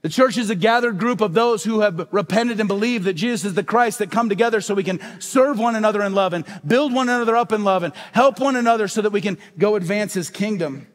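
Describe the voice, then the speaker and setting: A pastor delivers a sermon with emphatic repetition, asking questions and answering them himself. His voice sits fairly high for a man. A long church reverb hangs behind him. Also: fast talker, few pauses. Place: church sanctuary.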